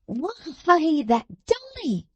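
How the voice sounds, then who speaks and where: A shrill, spiteful young maidservant in a storybook reading, her voice pitched far above ordinary speech and drawn out slowly, as a woman narrator puts her on. She gushes and feigns astonishment, relishing every bit of gossip, with a close, dry sound. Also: big pitch swings, warm tone, dry recording, full character voice. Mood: gossipy, affected. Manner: sniffing, gushing, mock-astonished.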